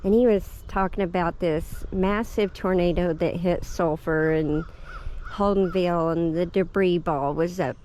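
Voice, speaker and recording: A woman's voice: lowish voice, steady tone, unhurried, a little mellow. A middle-aged woman, telling a story in a casual, chatty vlog, laughing often and getting emotional. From Oklahoma. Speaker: homestead vlogger. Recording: dull lo-fi with faint background noise.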